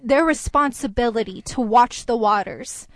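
A woman telling a personal story in an earnest, reflective way, with hesitant pauses and restarts. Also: on the high side, dry recording.

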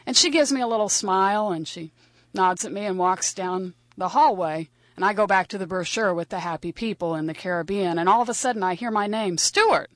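A woman's voice: medium pitch, fairly quick, dry recording. A woman telling a first-person story in a wry, conversational and vivid way.

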